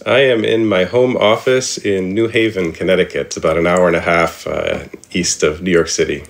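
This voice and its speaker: A man's voice: deep voice, steady tone, normal speed, vocal fry. A middle-aged man from Indianapolis answering interview questions from his home office, hesitant with many ums and restarts. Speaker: psychiatrist and composer guest.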